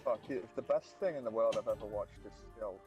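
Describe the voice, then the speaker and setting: Guy gaming with buddies, teasing and hyped, trips over words, game music clear behind. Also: lowish voice, fast, lo-fi sound. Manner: teasing, excitable, stumbling. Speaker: co-player, stream guest. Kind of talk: casual gaming chat.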